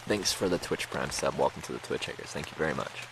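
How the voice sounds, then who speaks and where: Streamer, male, very low voice, loose rambling storyteller, steady rain in the background. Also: fast talker, noisy background. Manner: rambling, laughs often, many fillers. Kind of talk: casual storytelling to stream chat.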